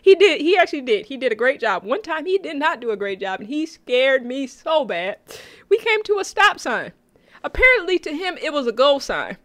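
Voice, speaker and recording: A woman's voice: high voice, big pitch swings, normal speed, a bit bright, no room sound. A woman co-hosting a casual chat, talking easily, laughing often and reading out comments from the chat. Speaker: co-host of a sitcom recap stream. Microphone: own mic.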